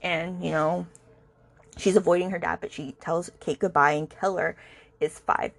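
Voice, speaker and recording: A woman hosting a book podcast, retelling a romance novel's plot in a chatty, animated way with lots of fillers. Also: lowish voice, normal speed, gravelly. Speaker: book review podcast host. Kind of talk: casual book recap.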